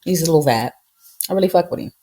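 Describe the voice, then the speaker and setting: A woman's voice: deep voice, expressive, quick pace, warm tone, husky. A woman in her thirties co-hosting a podcast, telling a story in a sassy, emphatic way and laughing often. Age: 30s. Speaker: podcast co-host. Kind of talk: casual chat.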